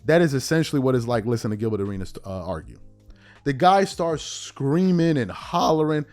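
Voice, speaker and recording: A male podcast host rants bluntly about sports, mocking as he goes. His pitch swings widely, rising and falling with each point. The sound is dry and close, with faint music underneath. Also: brisk, no room sound. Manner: animated, blunt and mocking, with mock-quoted asides. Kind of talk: opinionated commentary.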